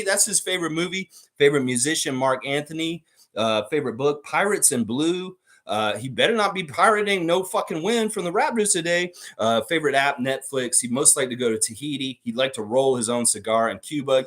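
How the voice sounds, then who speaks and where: A man hosting a live sports chat stream, reading viewer comments and ranting in a profane, animated way. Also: a little fast. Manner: animated, profane, mocks fans with whiny high baby voices. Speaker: podcast host.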